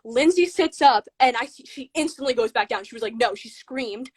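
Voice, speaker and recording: A young woman, a guest on a livestream, tells a ghost story in a rushed, excited way, full of "like". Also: high voice, no room sound. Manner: excited, rushed telling with many "like"s.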